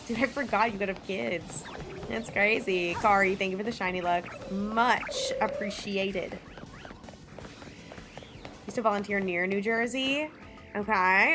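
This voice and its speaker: A woman's voice: mid-range voice, sharp tone. A woman streamer chatting casually with her live chat, blunt, swearing freely and laughing often.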